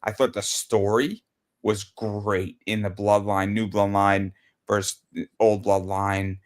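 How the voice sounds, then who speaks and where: Excitable stammering man talking wrestling. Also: lowish voice, slow. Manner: excitable, stammering restarts, laughs at own stories. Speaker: podcast co-host. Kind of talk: casual wrestling chat.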